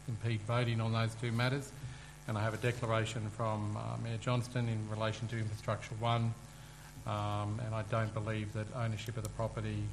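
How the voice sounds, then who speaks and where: A man, a general manager, giving a formal statement at a meeting in a measured way. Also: on the low side, noisy background. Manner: flat, measured, formal with fillers.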